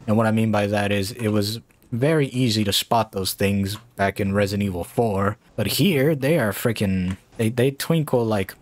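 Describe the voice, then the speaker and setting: A man playing a horror game and talking through it casually, with slow, drawn-out remarks that jump to startled shouts and curses. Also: on the low side. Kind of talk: casual let's-play commentary.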